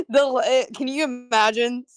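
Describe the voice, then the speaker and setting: A woman chatting casually on a live stream, enthusiastic and giggly. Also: a little high.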